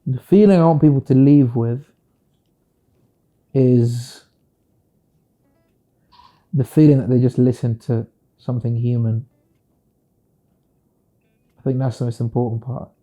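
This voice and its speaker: A British singer-songwriter speaking in a casual interview, reflective and playful, often slipping into quoted voices. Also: male voice, medium pitch, mellow. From United Kingdom.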